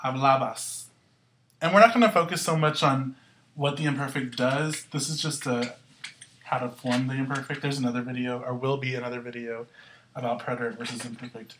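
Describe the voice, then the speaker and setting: A woman's voice: very deep voice, steady tone, fairly quick, fairly bright tone, a little hiss or hum. A woman teaching a Spanish grammar lesson, upbeat and going through the verb endings step by step. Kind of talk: classroom-style grammar lesson.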